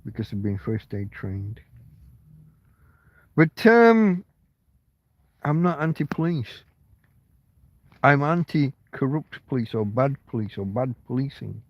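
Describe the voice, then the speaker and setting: A man's voice: mid-range voice, no echo, muffled recording. Middle-aged guy from england rambling through a story, lots of swearing and restarts, dry close sound. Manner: rambling, emotional, swears a lot, many restarts. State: tearing up. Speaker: vlogger. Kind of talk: casual storytelling monologue.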